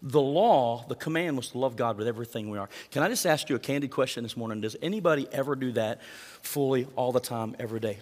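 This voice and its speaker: A man's voice: mid-range voice, quick pace, darkish tone, long reverb tail. A male pastor preaching a sermon in a conversational way, often putting direct questions to the congregation.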